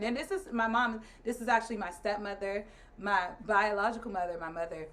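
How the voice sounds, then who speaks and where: Acting out other people's lines with animation and laughter, the host's wife tells a story during casual chat. She's a guest in her thirties whose mid-range voice keeps a moderate pace.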